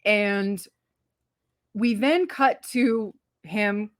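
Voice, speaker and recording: A woman co-hosting a casual movie review, talking in an animated, emphatic and profane way, acting out scenes as she retells them. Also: mid-range voice, drawn-out words, no echo, studio quality. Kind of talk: casual spoiler-filled movie review chat.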